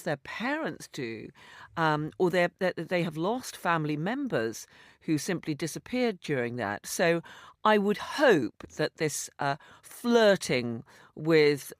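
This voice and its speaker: British woman with a lively, hesitant voice. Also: low-pitched, no echo, clean studio sound. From Britain. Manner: thoughtful, hesitant with many fillers. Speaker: panel guest. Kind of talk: radio panel discussion.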